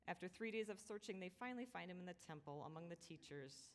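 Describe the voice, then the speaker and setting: A woman pastor giving a sermon, telling a personal story in a gentle, reflective way. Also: lowish voice, expressive, fast talker, few pauses. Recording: long reverb of a large hall.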